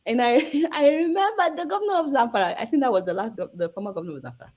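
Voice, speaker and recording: A Nigerian woman in her thirties tells a story as a journalist guest. Her mellow voice jumps high and low as she acts out the people she quotes. She speaks with lively, expressive energy. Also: racing. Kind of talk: animated storytelling in conversation.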